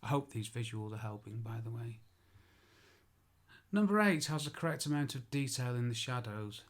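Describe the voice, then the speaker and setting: A man's voice: mid-range voice, animated, moderate pace. A man who works as an architectural photographer, giving an informal spoken tutorial. He chats, makes self-deprecating asides and corrects himself aloud.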